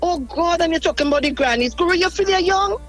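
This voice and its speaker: Older Trinidadian female caller on a car phone, high-pitched and scolding. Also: quick pace, faint music behind, rough recording. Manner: animated, scolding. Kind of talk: call-in radio talk.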